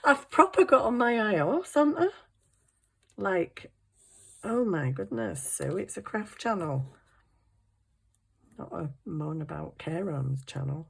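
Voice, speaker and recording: Woman, husky, slow, chatty self-talk, crafting vlog host. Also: on the low side, sing-song. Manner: chatty, self-talking, apologetic and flustered. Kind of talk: casual crafting vlog chat.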